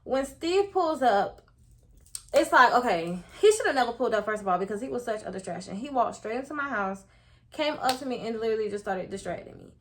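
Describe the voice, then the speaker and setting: A woman's voice: on the high side, animated, fairly quick, slight background noise. A young woman telling a casual storytime to her viewers, chatty and full of slang, talking straight to the audience.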